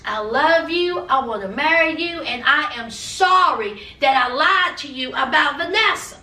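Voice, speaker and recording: A woman's voice: high-pitched, expressive, measured pace, pushed and bright, distant mic, pitched below the performer's own voice, heavily acted. A woman voicing an earnest young man pleading with his partner, in a coaxing, persuasive way. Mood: reassuring. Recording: echoey room, away from mic.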